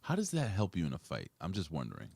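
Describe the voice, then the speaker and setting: A man with a low voice that swings widely in pitch co-hosts a wrestling podcast. He banters bluntly and swears freely. The recording is dry and close to the mic. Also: quick pace, gravelly, breathy edge, dry recording. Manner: blunt, profane, animated banter. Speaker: wrestling show co-host. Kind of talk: casual podcast chat.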